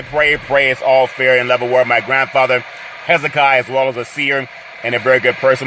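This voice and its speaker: A man hosting a solo sports podcast, talking in a loud hype-man style full of catchphrases and his own laughter. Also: mid-range voice. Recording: loud street and car noise behind.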